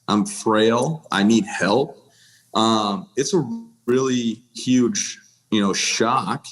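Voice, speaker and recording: Speaking very slowly in a lowish voice, a thirtysomething American man opens up about a personal story as a podcast guest. He's plainspoken and blunt, frequently restarting and leaning on "you know."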